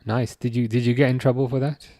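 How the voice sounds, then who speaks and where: A young man hosts a casual live chat, reading viewers' messages and replying with easy, rambling remarks that often restart mid-sentence. His voice is warm and mellow at a middling pitch. The sound is dry and close. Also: level tone, quick pace, no echo. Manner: reads chat messages aloud and answers viewers; chatty, self-correcting, repeats words. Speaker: live stream host.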